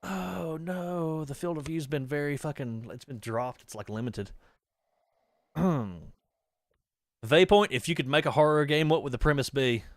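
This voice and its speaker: A man's voice: on the high side, measured pace, dry recording. A young man streaming a horror game live, chatting and rambling between startled yelps and swearing. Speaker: gaming streamer. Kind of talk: live horror gameplay commentary.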